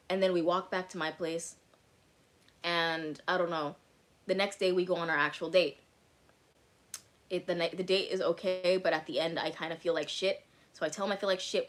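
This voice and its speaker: A woman's voice: lowish voice, fairly bright tone. A young woman vlogger casually telling a frank story with plenty of swearing and "like" fillers. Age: young adult. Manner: frank, profane, many "like" fillers.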